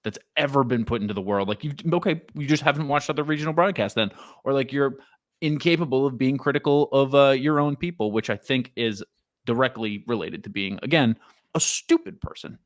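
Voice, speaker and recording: A man's voice: mid-range voice, brisk, dry recording, studio quality. A man co-hosting a casual sports podcast, exasperated and sarcastic. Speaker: podcast co-host.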